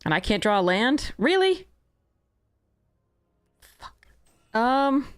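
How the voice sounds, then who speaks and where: A woman's voice: medium pitch, normal speed, smooth. Frustrated woman streaming a card game. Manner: frustrated, swearing, thinking aloud. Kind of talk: live game commentary.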